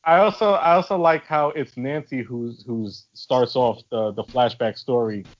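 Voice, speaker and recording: A man's voice: medium pitch, unhurried. Joking man on a dull lo-fi mic. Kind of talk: casual chat.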